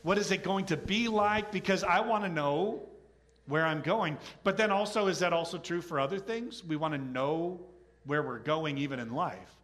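A middle-aged pastor preaches in a chatty, animated style at a moderate pace. His slightly high voice sounds bright and forceful, and he often slips into quoted voices to act out scenes.

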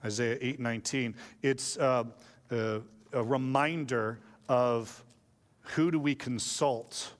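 A man's voice: mid-range voice, steady tone, slow, long reverb tail. A male pastor preaching a sermon in a casual, joking storytelling way.

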